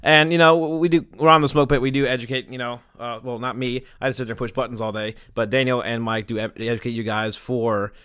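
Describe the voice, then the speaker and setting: A man's voice: medium pitch, steady tone, quick pace, hardly any pauses, a bit bright, clear, resonant tone, dry recording, studio quality. A man rambling crudely through closing thoughts on a casual podcast, swearing and laughing as he goes. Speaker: podcast producer.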